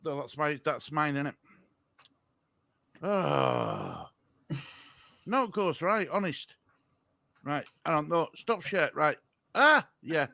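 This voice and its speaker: A man's voice: on the high side, huge pitch swings, slow, gravelly, pauses often, pushed and bright, dry recording. A man, co-hosting a casual live stream, chatty with viewers and flustered by the technology. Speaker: stream co-host.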